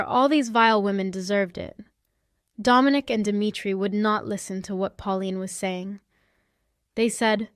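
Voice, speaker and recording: A woman's voice: medium pitch, clean tone, dry recording, clean studio sound. A young adult woman narrating a first-person story in a sassy, confrontational manner.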